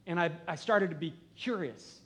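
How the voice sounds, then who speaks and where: A middle-aged man preaching as pastor in a church, talking conversationally and earnestly, dropping to quiet emphasis at times. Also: fairly high pitch, moderate pace. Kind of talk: sermon. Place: church sanctuary.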